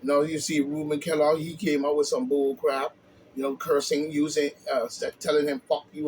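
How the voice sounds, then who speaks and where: A man giving blunt, heated opinion commentary, often stumbling and restarting, with a steady stream of filler phrases. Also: a little high, a little hiss or hum, low-quality recording.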